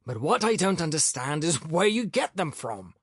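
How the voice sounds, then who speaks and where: A man's voice: on the high side, big pitch swings, normal speed, breathy edge, no echo, studio quality, voice pushed up. A male narrator voicing an exasperated, sarcastic older professor who talks irritably.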